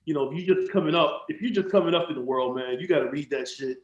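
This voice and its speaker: A man's voice: a little high, quick pace. Laid-back man in a roomy, dull recording. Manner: laid-back, swears casually, laughs a lot. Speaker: podcast host. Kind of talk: casual interview chat. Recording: roomy, slightly dull sound.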